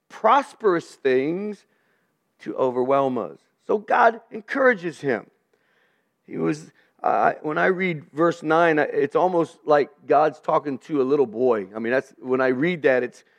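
Older man, pastor, sermon, earnest, fairly high voice, stammering repeats. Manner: earnest, stammers and repeats words while building points. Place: church room with a live audience.

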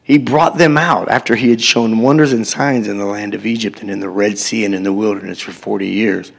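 A man's voice: on the low side, steady tone, brisk, gravelly. A man reading scripture aloud in a sermon, breaking in with short asides of his own. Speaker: preacher.

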